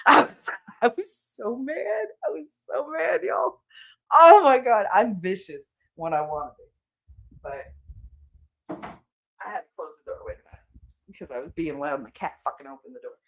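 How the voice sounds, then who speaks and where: A woman hosting a podcast, telling a story in a blunt, profane, animated way from her home office. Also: mid-range voice, moderate pace, creaky, long pauses. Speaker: podcast host. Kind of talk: casual storytelling.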